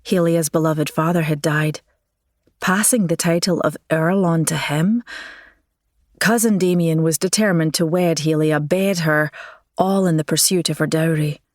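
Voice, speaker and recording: A woman narrating a romance audiobook in a measured, expressive storytelling manner, recorded on a close studio mic. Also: deep voice, no echo.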